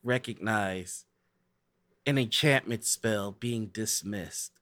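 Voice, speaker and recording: A man narrating a tabletop role-playing game as game master, with a lively way of talking. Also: fairly low pitch, takes it slowly, dry recording, studio quality. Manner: lively, breaks into shouted voices for characters.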